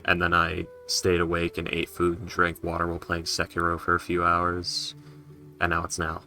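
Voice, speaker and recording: A low-voiced man acting as game master, chatting in a relaxed, offhand way and swearing freely. His voice is very bright and forceful, and faint music plays behind him. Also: moderate pace. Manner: laid-back, swears freely. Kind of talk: casual chat before a tabletop game.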